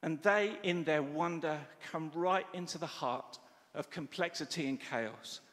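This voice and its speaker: A middle-aged man preaching a sermon, telling stories with lively quoted dialogue. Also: on the high side, a little slow. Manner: animated storytelling with quoted dialogue. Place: church hall. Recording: church hall reverb.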